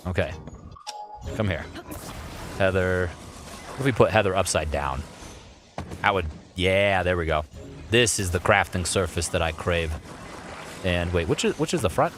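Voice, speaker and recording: A man's voice: sits low, expressive, unhurried, pauses often, a bit bright. A man live-streaming a game, playfully chatting to in-game objects and answering chat. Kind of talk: live gameplay commentary. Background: faint game music.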